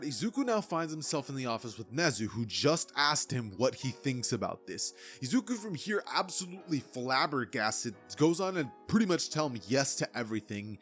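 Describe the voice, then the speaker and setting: A man's voice: mid-range voice, big pitch swings, fairly quick, hardly any pauses, fairly bright tone, faint music behind. A young man casually narrating an anime fan story in a loose, chatty way full of fillers.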